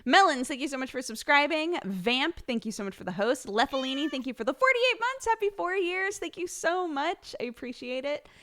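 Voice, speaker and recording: A woman's voice: high voice, big pitch swings, a little fast, hardly any pauses, bright, forceful tone. A young woman streamer chats casually with her live audience in a bubbly, giggly way. Her voice rises and falls widely as she thanks subscribers one by one. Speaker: livestreamer. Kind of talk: casual chat with live viewers.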